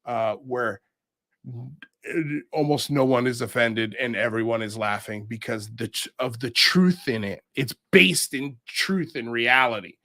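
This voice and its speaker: Reading live chat on his stream, this male host rambles in an animated way, full of fillers and frequent laughter. He has a mid-range voice and takes his time. The sound is dry and clean, studio grade.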